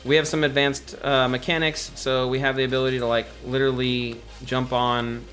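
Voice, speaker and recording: A man's voice: mid-range voice, flat delivery, normal speed, a bit bright. A man casually chatting on a livestream while building a game, rambling and answering viewer questions. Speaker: game developer streaming live.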